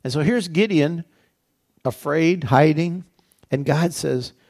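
A man's voice: fairly high pitch, takes it slowly, darkish tone. A male pastor giving a sermon in a conversational way, repeating phrases and asking the congregation rhetorical questions. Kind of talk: sermon teaching.

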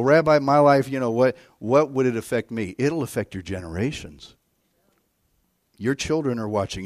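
A middle-aged man preaching a sermon as a guest preacher, telling stories and swinging between hushed and loud, excited delivery. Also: on the low side, no room sound, studio quality.

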